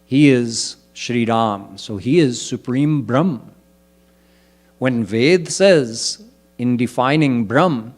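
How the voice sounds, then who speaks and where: A man giving a sermon as a spiritual teacher, explaining scripture slowly and deliberately and chanting verses in between. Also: medium pitch.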